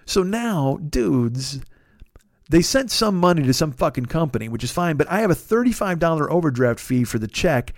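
A man's voice: on the high side, big pitch swings, normal speed, dry recording, studio quality. A man hosting a podcast, telling a long personal story in a casual, profane and exasperated way into a microphone. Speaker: podcast host.

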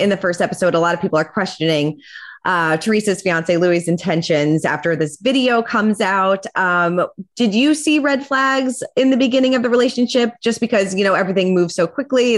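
A woman hosting an entertainment show, asking questions and making chatty affirmations. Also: medium pitch. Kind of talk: interviewing and presenting.

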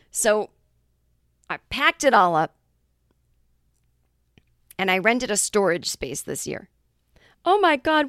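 A woman hosting her comedy podcast, talking in a chatty, self-mocking monologue with quick asides. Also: medium pitch, lively intonation, fairly bright tone, dry recording, studio quality.

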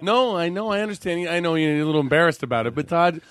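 A man who is a comedian guest on a podcast, teasing the host with deadpan mock sincerity. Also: on the high side, quick pace. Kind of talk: casual comedy podcast banter.

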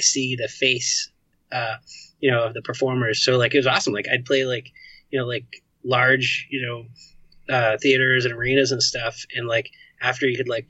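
A man being interviewed, chatting easily with plenty of "like" and "you know". His voice is bright and forward, and the dry, close sound is muffled and lo-fi. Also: medium pitch, no room sound. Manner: laid-back, chatty, lots of "like" and "you know". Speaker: guest, game developer and musician. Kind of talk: casual interview chat.

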